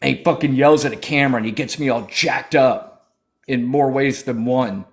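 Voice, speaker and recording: A man's voice: medium pitch, moderate pace. A man hosting a political livestream, talking in a brash, profane, mocking way, thanking viewers and scolding callers. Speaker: livestream host.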